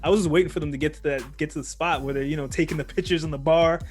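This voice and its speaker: A man co-hosting a podcast, chatting casually about movies, animated and laughing often as he acts out scenes. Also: a little high, racing, faint music behind. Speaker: podcast co-host. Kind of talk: casual movie review chat.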